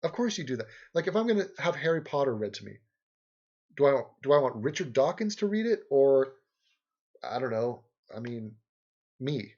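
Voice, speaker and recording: A man's voice: mid-range voice, big pitch swings, moderate pace, a little mellow, highs cut off. A man hosting a livestream, rambling sarcastically in casual chat and game commentary, often laughing. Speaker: livestream host.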